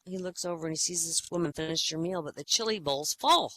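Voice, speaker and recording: A woman's voice: sits low, a little fast, sharp tone, slight background noise, poor audio. Chatty woman hosting an online comedy night. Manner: chatty, rambling, with hesitant fillers. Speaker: comedy open-mic host. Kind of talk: casual joke-telling. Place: online virtual-world voice chat.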